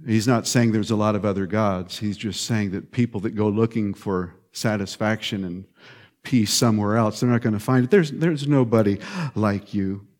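A male pastor preaching a sermon in an animated, emphatic way, swinging between loud stresses and hushed lines and repeating short phrases. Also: fairly low pitch, normal speed.

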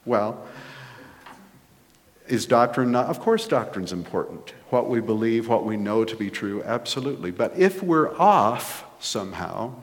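A man's voice: mid-range voice, lively intonation, measured pace. A man preaching a conversational sermon as pastor, rising to emphatic points. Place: church sanctuary. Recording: long reverb of a church hall.

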